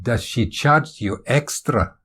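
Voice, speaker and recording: A man voicing a friendly, easygoing Scottish man of about thirty in a storybook reading, with a Scottish accent and a slow manner. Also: mid-range voice, expressive, fairly bright tone, husky, exaggerated voice. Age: 30s.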